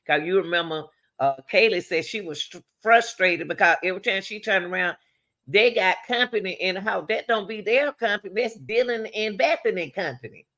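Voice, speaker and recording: A woman talks casually about true crime at an ordinary pace, facing her viewers directly. Her speech mixes rhetorical questions with spirited jumps between high exclamations and softer, lower asides.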